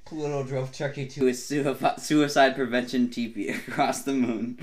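Reading goofy fan fiction on a comedy podcast, this male co-host has a medium pitch, a flat delivery, and a moderate pace. Laughter keeps interrupting him as he reads.

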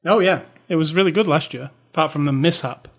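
A man co-hosting a podcast, chatting casually and eagerly in quick bursts. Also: on the high side. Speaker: podcast co-host. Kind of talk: casual chat.

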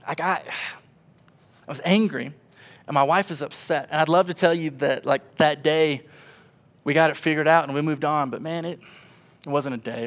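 This sermon comes from a man in his twenties whose voice is fairly high. The pastor tells it as an emotional story, moving from loud, lively passages down to quiet ones.

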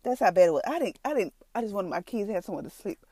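Tearful woman, warm. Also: mid-range voice, big pitch swings, racing, no room sound. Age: adult with three children. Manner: rambling, repeats herself, speaks to listeners as y'all. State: tearful at times. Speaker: person giving a testimony. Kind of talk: emotional personal testimony.

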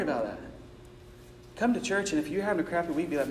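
Male preacher, high-pitched, sermon delivery that swings from hushed to shouting, echoey hall with long reverb. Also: racing, a little hiss or hum. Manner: builds from quiet intimacy to shouted passion. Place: church sanctuary.

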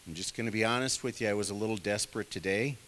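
A man's voice: on the low side, rapid-fire, fairly bright tone, slight background noise. A man preaching a sermon in a conversational way, full of asides to the congregation. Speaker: pastor.

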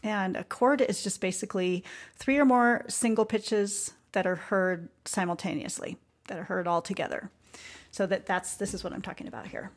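A woman hosting a podcast, talking in an earnest, reflective way about music and life, with soft asides. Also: mid-range voice, fairly even intonation, normal speed. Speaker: podcast host.

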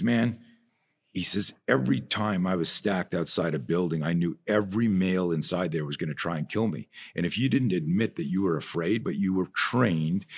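A man who trains people in martial arts and fear management, telling stories on a podcast in an animated way, often trailing off and restarting his sentences. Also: low voice, husky. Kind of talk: conversational podcast storytelling.

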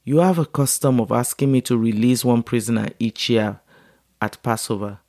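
A stern Roman governor presses a prisoner with firm questions, read by a man in scripture reading. The voice stays close to an everyday middle pitch. The recording is close and dry. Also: normal speed, a little mellow, no room sound, lightly acted. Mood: questioning.

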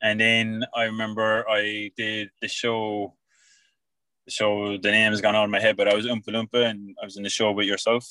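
A man's voice: lowish voice, completely flat delivery, normal speed, sharp tone, no echo, low-quality recording. An Irish man chatting as a podcast guest, self-mocking and chatty, often restarting his sentences. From Ireland. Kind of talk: casual chat.

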